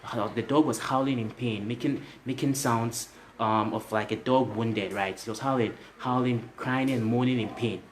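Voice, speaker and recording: A man's voice: mid-range voice, steady tone, normal speed, few pauses, a little hiss or hum. A man giving a motivational story to livestream viewers, repeating himself and tagging his lines with "right?". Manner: repetitive, tags lines with "right?"; addresses viewers directly. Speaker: motivational speaker.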